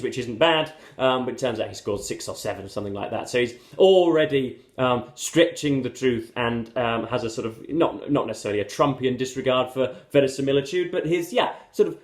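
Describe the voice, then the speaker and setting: A man reviewing books to camera in a casual, rambling way, full of hesitations and fillers yet using erudite vocabulary and wry asides to his viewers. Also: medium pitch. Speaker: book reviewer. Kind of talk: casual book commentary to camera. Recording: roomy echo.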